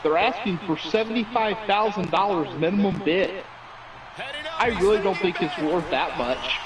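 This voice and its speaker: A man with a fairly high voice tells a long joke in a chatty, playful manner. He calls in over the internet, sounding distant from his mic, with a loud arena crowd running underneath. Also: normal speed. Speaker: co-host telling a joke. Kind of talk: casual chat and joke telling. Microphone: remote internet call.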